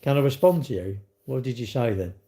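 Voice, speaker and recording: A man's voice: mid-range voice, lively intonation, brisk, mellow. A man doing a chatty live-stream host, rambling from one thought to the next in a blunt, offhand way. He laughs easily and talks to his viewers as if they were in the room. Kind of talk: casual live-stream chat, reading viewer comments.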